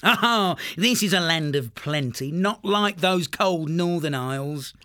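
Guy doing a sly pirate rat captain, slow gloating drawl, higher than his own voice. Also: expressive, pushed and bright, exaggerated voice. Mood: contented. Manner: sly, drawling, sailor's slang. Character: swaggering male pirate rat captain, cunning and boastful.

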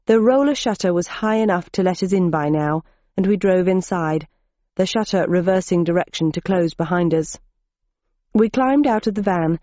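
A woman's voice: lowish voice, animated, normal speed, mellow, dry recording. A woman narrating an audiobook in first person, with dry, wry storytelling on a dull lo-fi recording.

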